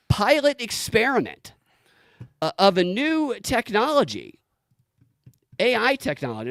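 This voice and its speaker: A man hosting a casual podcast, talking excitedly with frequent profanity and stumbling restarts. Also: high-pitched, unhurried, vocal fry, pauses often, no echo. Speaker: podcast host.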